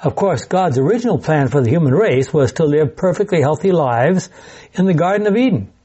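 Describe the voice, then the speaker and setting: A man's voice: on the high side, lively intonation, a little fast, dark tone, husky, highs cut off. A man leading a Bible study class, chatty and digressive, with laughing asides as he teaches.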